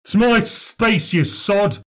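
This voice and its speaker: A man's voice: on the high side, lively intonation, drawn-out words, pitched above the performer's own voice, exaggerated voice. A man voicing a dishevelled, drunk old man, bellowing and ranting in a story. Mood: drunken rage. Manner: shouting, ranting, slurred bellowing.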